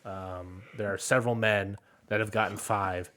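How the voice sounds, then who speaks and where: A man's voice: lowish voice, fairly even intonation, moderate pace, bright, forceful tone. Chatty man podcast co-host. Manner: analytical, quotes stats he looks up. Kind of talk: casual chat.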